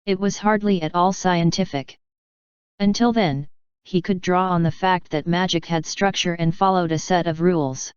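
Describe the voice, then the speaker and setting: A woman reading fanfiction aloud as an audiobook, in a steady, even storytelling manner. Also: fairly low pitch, moderate pace, clear, resonant tone, dry recording. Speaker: fanfiction reader. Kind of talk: audiobook narration. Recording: dull lo-fi dry recording.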